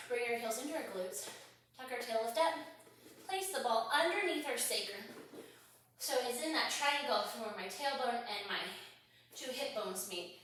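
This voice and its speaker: A woman's voice: fairly high pitch, a bit bright, slight background noise. Breathless woman coaching a workout. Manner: breathy cues while exercising, upbeat. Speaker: pilates instructor. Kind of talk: guided workout instruction. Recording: echoey room, distant mic.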